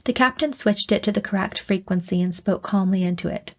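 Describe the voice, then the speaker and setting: Brief: woman audiobook narrator, first person, measured, middle pitch.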